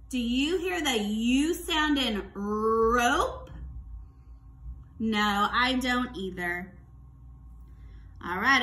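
A woman guides young children through a workbook lesson at a gentle, deliberate pace. Her voice sits high, and she coaxes them to repeat each word back to her. The room around her rings with echo. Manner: slow, clear, sing-song teacher talk with call-and-response prompts. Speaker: kindergarten teacher.

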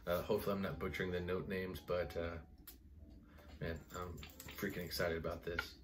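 A man casually reviewing perfumes in a vlog, excitable and rambling, full of "like" and "guys". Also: deep voice, normal speed, noisy background. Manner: excitable, enthusiastic, rambling with many "like"s. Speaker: fragrance reviewer.

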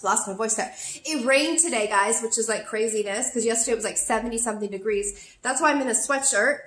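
A woman's voice: on the high side, fast, fairly bright tone. A woman in her forties vlogging a shopping haul in casual, chatty talk full of fillers, a little out of breath. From California. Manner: chatty, bubbly, lots of fillers. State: slightly out of breath. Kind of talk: casual chat to camera. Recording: echoey room.

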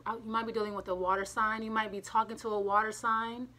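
Speaking fast in a fairly high, steady, pushed and bright voice, a breathless woman gives a chatty tarot reading to camera, rambling and repeating herself. She records at home in a front room by a street, and passing cars and other street noise come through clearly.

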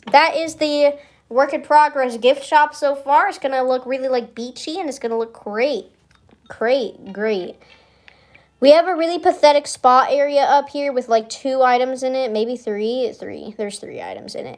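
A young woman streamer giving a casual, rambling tour of a building in a game, giggling often and stalling on many fillers. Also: fairly high pitch.

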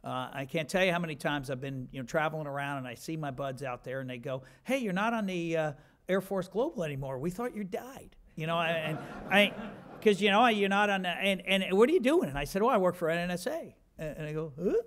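A man's voice: fairly high pitch, lively intonation, fast, fairly bright tone, slight background noise. A man in his fifties giving a rambling, self-deprecating acceptance speech with many restarts.

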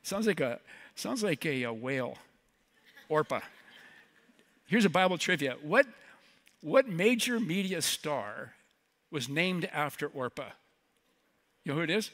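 A man's voice: a little high, big pitch swings, a little slow, long pauses, a bit bright. A man preaching a sermon as a guest speaker, conversational and joking with the congregation in between. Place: church sanctuary.

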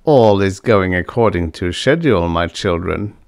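A man voicing a fat, jovial, scheming crime boss with a suave, pompous, unhurried manner in a science fiction audiobook. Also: sits low, animated, creaky, no echo, studio quality.

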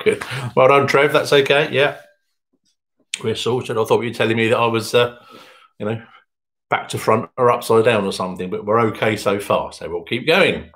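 A man hosting an online pub quiz, reading answers in a chatty, jokey way. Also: a bit bright. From England. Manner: chatty, jokey, pitch jumps up when announcing. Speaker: quiz host.

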